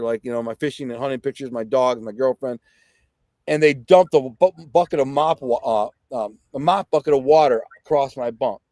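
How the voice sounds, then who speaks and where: Man telling his story straight, blunt street talk, middle pitch, dead dry sound. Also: a little mellow, no echo. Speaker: podcast guest. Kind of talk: personal storytelling.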